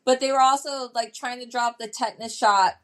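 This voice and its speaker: A woman guest on a podcast, telling a story in a casual, animated way and acting out what other people said. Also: fairly high pitch, a little fast. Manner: animated, acts out quoted voices.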